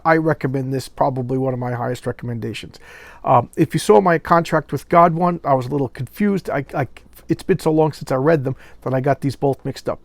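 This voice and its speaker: A man reviewing a comic book in a casual video, speaking haltingly, often repeating words, and openly moved by the pages. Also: medium pitch, creaky, no echo.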